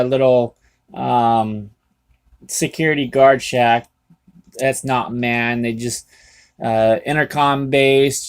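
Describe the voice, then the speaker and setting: A man's voice: mid-range voice, clear, resonant tone. A man who drives trucks, recounting his day in a casual, folksy, rambling way with lots of restarts, talking from home. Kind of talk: casual storytelling vlog. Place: indoors at home.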